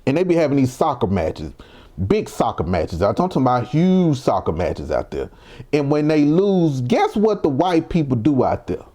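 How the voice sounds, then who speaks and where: A man's voice: medium pitch, sing-song, normal speed, dark tone. A young man from Mississippi, giving heated, provocative reaction commentary full of rhetorical questions. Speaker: commentary vlogger.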